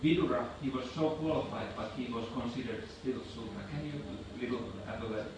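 A man in a scripture class asking hesitant, soft-spoken questions of his teacher. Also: mid-range voice, brisk, recorded from a distance. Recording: echoey room recorded from afar with background noise.

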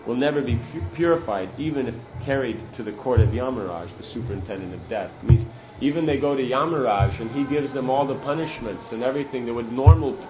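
A man's voice: medium pitch, reverberant, dull audio. A man giving a sermon-style scripture class, earnest and emphatic, using Sanskrit terms.

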